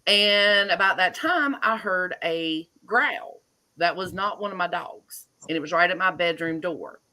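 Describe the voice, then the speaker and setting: Woman, bright clear voice, animated storytelling, video call guest. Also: fairly low pitch, measured pace. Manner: chatty, animated retelling with laughs. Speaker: guest homeowner. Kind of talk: casual storytelling.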